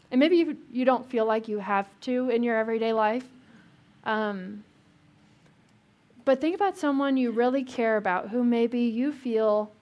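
A woman pastor giving a conversational sermon in church, asking the congregation questions and adding light jokes. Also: on the high side.

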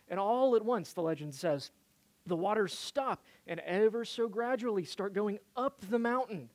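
Preacher, sermon storytelling, hesitant delivery with fillers, mid-pitched voice. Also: expressive, moderate pace, a little mellow. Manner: hesitant, lots of "uh" fillers and restarts.

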